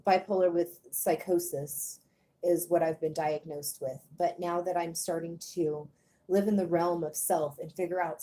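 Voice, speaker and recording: Halting woman with a low voice. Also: dark tone. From Germany. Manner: halting, hesitant, many pauses and ums. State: out of breath. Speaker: vlogger. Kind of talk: personal confessional vlog.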